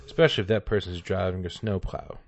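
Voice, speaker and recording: A man's voice: sits low, fast, creaky, no echo, dull audio. A man hosting a comedy podcast, telling a rambling, joking story full of "like". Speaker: podcast host. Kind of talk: casual comedy chat.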